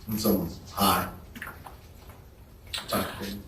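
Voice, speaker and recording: A man testifying as a witness in a courtroom, reading text messages aloud in a slow, measured way. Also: deep voice, flat delivery, sharp tone. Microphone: distant courtroom microphone. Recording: echoey courtroom audio from far off with faint noise.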